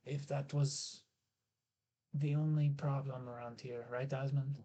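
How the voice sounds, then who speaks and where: A man playing a tabletop game, speaking haltingly and trailing off softly. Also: medium pitch, little pitch movement. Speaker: player. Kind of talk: tabletop role-play.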